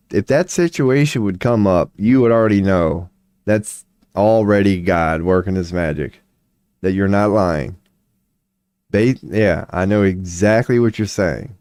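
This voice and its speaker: A man live-streaming tarot readings, chatting casually and reading chat aloud, his voice going hoarse as he keeps clearing his throat. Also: fairly low pitch, a little mellow, no room sound. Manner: rambling, swears casually, laughs often, reads chat aloud.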